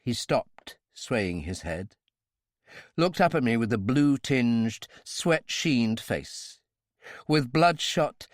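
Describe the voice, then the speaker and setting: A man narrating a thriller audiobook in the first person, in a measured, dramatic manner. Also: medium pitch, no room sound, clean studio sound.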